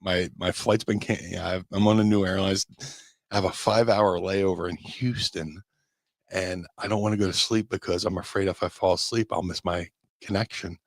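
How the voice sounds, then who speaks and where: Deep-voiced rambling storyteller man. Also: steady tone, moderate pace, vocal fry, dry recording. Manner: rambling, self-deprecating storyteller. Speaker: podcast co-host, former wrestler. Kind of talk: casual storytelling chat. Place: home studio on a live stream.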